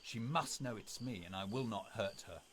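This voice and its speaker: A man's voice: fairly low pitch, normal speed, a bit bright, a little hiss or hum, close to an everyday voice. A man voicing a lovesick man turned into a wolf-like beast, speaking with yearning strain.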